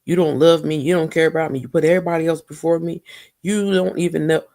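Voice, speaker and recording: A wounded, furious wife firing off complaints in a rapid, accusing rush, as a woman puts her on. The voice is gravelly with fry. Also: sits low, fairly even intonation, dark tone, no echo, studio quality. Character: hurt, furious wife venting at husband.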